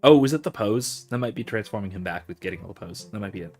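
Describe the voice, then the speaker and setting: A man's voice: on the low side, expressive, fast talker, hardly any pauses, darkish tone, soft background music. A man hosting a let's play, giving casual, rambling commentary full of ums and restarts as he digresses.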